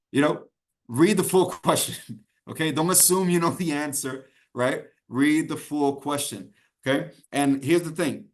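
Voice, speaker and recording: In a live online exam prep session, a man with a higher-pitched voice takes his time as he teaches. He's warm and conversational, repeating key points and constantly checking in with "okay?".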